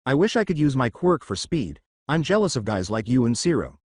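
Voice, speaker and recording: A jokey teenage boy classmate, as a man reads him aloud, said in a plain reading voice. The pitch moves a lot, and the sound is dry and close. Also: big pitch swings, a little fast, dry recording. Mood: wistful.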